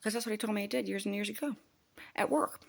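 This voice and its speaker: A woman's voice: mid-range voice, fast talker, creaky. An older woman vents straight to camera in a long, heated monologue. She swears freely and rambles from one grievance to the next. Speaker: vlogger.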